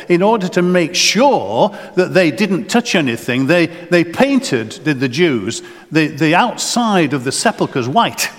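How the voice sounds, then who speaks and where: A man preaching a sermon in earnest, often repeating words and restarting phrases. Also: on the high side. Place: church. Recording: long church reverb.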